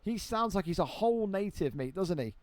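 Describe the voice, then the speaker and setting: A young man giving live play-by-play commentary on a video game fight, excitable and swearing freely as he banters with friends. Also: sits high, brisk, a crowd in the background.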